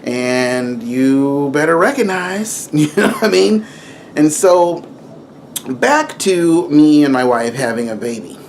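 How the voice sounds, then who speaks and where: A young man giving a casual spiritual talk to camera, rambling and animated, with frequent asides and self-corrections. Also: a little high, a little slow, creaky, a little hiss or hum. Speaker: video preacher.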